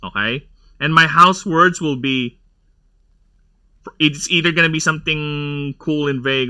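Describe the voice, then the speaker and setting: A man's voice: a little high, a little slow, pauses often, bright, forceful tone. A man giving casual, rambling gameplay commentary, going off on nerdy tangents and laughing often. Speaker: gameplay streamer.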